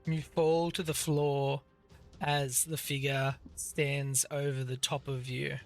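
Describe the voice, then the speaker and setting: A man's voice: medium pitch, flat delivery, takes it slowly, faint music behind. A man narrating as game master of an actual-play tabletop game, vivid and descriptive with many fillers.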